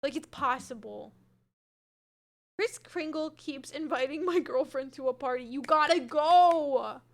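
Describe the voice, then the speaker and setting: A young woman with a high, creaky voice streams a game from her room, where her cat is with her, speaking unhurriedly. She chats casually, hedges her answers, and reads chat, replying to viewers by name.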